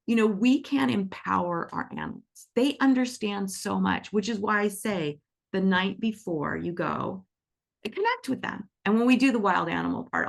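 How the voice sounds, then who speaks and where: A woman teaching animal Reiki on a video call, telling lively stories and acting out the voices of the people in them. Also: mid-range voice, creaky. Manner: animated, acts out quoted voices. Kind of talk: casual storytelling in an online class.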